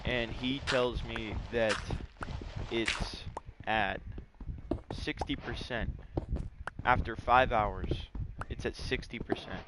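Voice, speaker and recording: A man's voice: medium pitch, steady tone, slow pace. Give me a casual male gaming YouTuber, rambling story-style over a noisy recording. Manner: rambling storytelling with many fillers. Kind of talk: casual gameplay chat.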